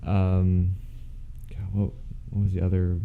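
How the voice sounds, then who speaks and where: A man in a casual podcast chat, talking hesitantly with many pauses and fillers. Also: low voice, monotone, phone-quality sound. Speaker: podcast co-host.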